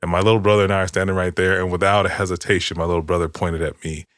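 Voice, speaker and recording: A man's voice: deep voice, flat delivery, racing, a bit bright, no room sound, clean studio sound. A man co-hosting a podcast, telling a story in a casual, rambling way with frequent restarts and swearing. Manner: rambling, with many restarts and profanity. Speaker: podcast co-host. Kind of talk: casual chat.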